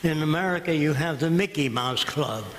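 In an echoey lecture hall with audible room noise, an older man delivers a public talk sarcastically, bluntly and combatively. He speaks at a moderate pace in a slightly high, fairly bright voice.

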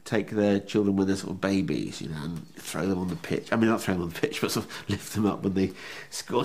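A man telling animated anecdotes in an interview. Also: fairly quick, vocal fry. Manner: animated storyteller, bursts into high mimicry.

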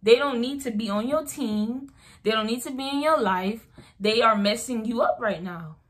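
A woman's voice: fairly high pitch, normal speed. A young woman vlogger giving motivational advice straight to her viewers, emphatic and repeating her points, calling them y'all. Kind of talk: motivational vlog talk to viewers.

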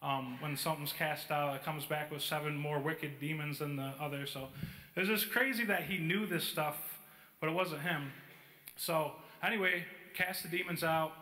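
A man's voice: on the high side, fairly even intonation, normal speed, bright, forceful tone. A man preaching in a church, telling a story casually with many fillers. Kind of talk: sermon storytelling. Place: church hall. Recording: echoey church hall.

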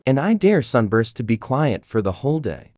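A woman's voice: a bass voice, very animated, moderate pace, a little mellow. A woman reading viewer dares aloud in a plain announcing way. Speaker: dare reader.

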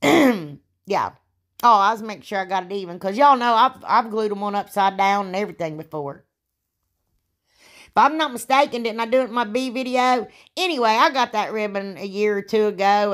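A DIY crafter narrates a casual craft tutorial voice-over in a medium-pitched, slightly bright voice. She is chatty, rambling and self-deprecating, and she has a sore throat that makes her clear it often.

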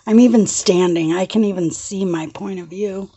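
A woman chatting through a casual craft show-and-tell vlog, gushing and excitable, laughing often and shaky with excitement. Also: medium pitch, normal speed, breathy edge. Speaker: craft vlogger.

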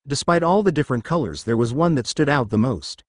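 A man narrating a fan fiction story in an expressive storytelling manner. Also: medium pitch, brisk, no room sound, studio quality.

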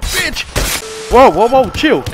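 A young gaming YouTuber provides horror game playthrough commentary, swearing, yelping and shrieking at jump scares. His very high voice is slow and sing-song, and loud game music plays behind him.

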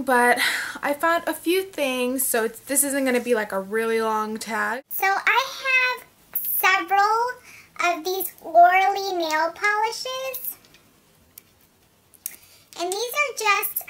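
A woman's voice: very high voice, a bit bright. A young woman chatting at home as a beauty vlogger, showing off her products in a rambling way full of fillers. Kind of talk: casual chat, showing products.

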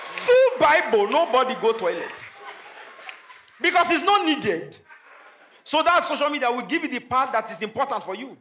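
High, bright-voiced Nigerian stand-up comedian. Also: male voice, normal speed, pauses often. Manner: animated, punchy delivery with Pidgin asides and shouted punchlines. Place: comedy stage before a live audience. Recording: echoey venue with faint noise.

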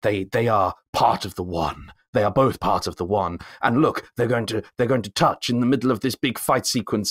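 A man's voice: moderate pace, few pauses, breathy edge, dry recording, studio quality. Man ranting on a podcast. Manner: animated ranting, rising high when excited. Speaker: podcast co-host. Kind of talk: casual chat.

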